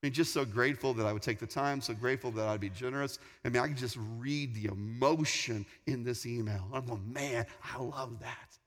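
A man in his forties, a pastor, preaching a sermon with animated, emphatic storytelling. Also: mid-range voice, fairly quick, few pauses. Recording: long hall reverb.

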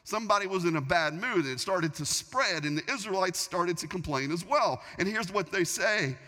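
A man preaching a sermon, telling a story in an animated way, often restarting his sentences. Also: high-pitched, moderate pace. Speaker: pastor. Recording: long reverb of a large hall.

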